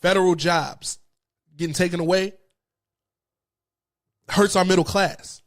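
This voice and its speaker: Man on his own show going off about politics, kinda high voice, fed up and heated. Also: steady tone, measured pace. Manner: passionate, frustrated ranting. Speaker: host. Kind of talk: political commentary monologue.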